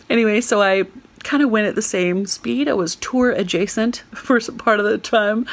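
An American woman recounts a trip as a lively, self-mocking storyteller. Her voice has a gravelly, creaky edge. She laughs often as she talks. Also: medium pitch. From United States. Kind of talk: storytelling on community radio.

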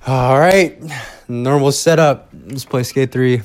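Slow, rambling young man podcasting. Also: medium pitch. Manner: profane, self-deprecating, trailing off. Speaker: podcast host. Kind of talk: rambling casual monologue. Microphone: headphones and home recording setup.

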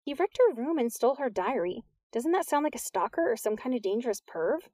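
An anxious teenage girl, put on by a woman reading aloud, her voice pitched up high and spilling out in heated, pleading bursts. The recording is close and dry, with no room sound around her. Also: sing-song, a little mellow, no room sound. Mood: worried. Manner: heated, pleading, quick to self-pity.

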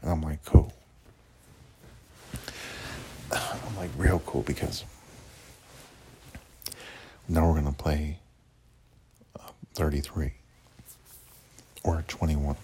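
A man with an extremely deep, very husky voice tells a rambling story about his day. He swears freely and keeps restarting his sentences. His delivery stays flat and his tone is dark. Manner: rambling, profane, many fillers and restarts. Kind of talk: casual storytelling.

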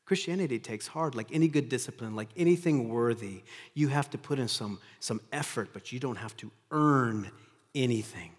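Male pastor, mid-pitched voice, earnest sermon delivery that rises loud and drops hushed, reverberant church hall. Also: moderate pace, slightly rough. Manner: earnest preaching, swings from loud emphasis to hushed intensity. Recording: long reverb of a large hall.

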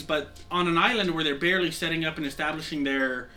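A man's voice: fairly high pitch, quick pace, bright, forceful tone. A man with a sore throat narrating a tabletop game as game master, rambling with many fillers and restarts.

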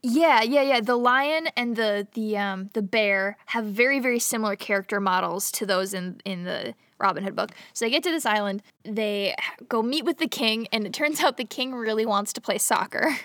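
A woman's voice: fairly high pitch, moderate pace, few pauses, fairly bright tone, no room sound, studio quality. A young woman casually retelling a movie plot to a co-host, chatty and giggly, acting out the characters' lines. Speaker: podcast co-host.

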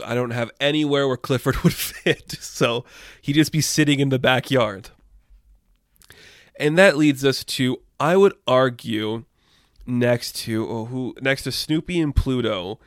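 A man's voice: medium pitch, no room sound, clean studio sound. A young man talking loosely and irreverently in a casual opinion monologue, swearing now and then. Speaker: commentator.

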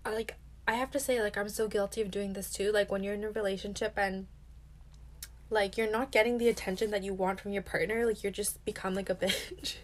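A woman's voice: mid-range voice, steady tone, a little fast. Chatty young woman podcast host. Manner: chatty, heavy use of "like", candid and swears casually. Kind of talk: casual self-help monologue.

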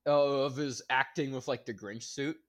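A man hosting a casual podcast chat, talking in a profane, animated way with mock-outraged rants. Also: mid-range voice, moderate pace. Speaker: podcast host. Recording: poorly placed mic, variable level.

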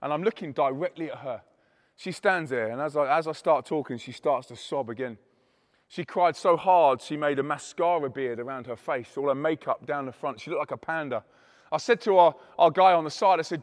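This man's voice sits on the high side and moves a little fast, with a long reverb tail behind it. He's a Christian youth speaker giving an audience an emphatic, animated testimony, performing the dialogue as he goes.

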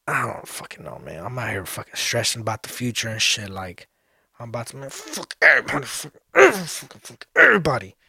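A man's voice: mid-range voice, a bit bright, no echo, clean studio sound. A man in his thirties hosting a solo podcast, rambling casually, cursing often and restarting his sentences. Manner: rambling, swears a lot, many restarts.

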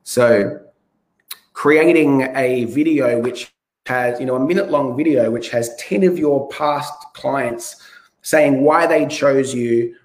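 A man from Australia, a real estate coach giving advice in an interview, his voice a bit hoarse and often restarting sentences. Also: medium pitch. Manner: restarts sentences, stresses key words. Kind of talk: podcast interview.

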